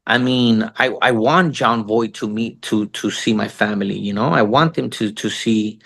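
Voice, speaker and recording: A man's voice: fairly low pitch, moderate pace, vocal fry, fairly bright tone. A middle-aged man talking as an interview guest, loose and profane, dropping "bro" constantly and restarting his sentences. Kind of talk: casual podcast interview.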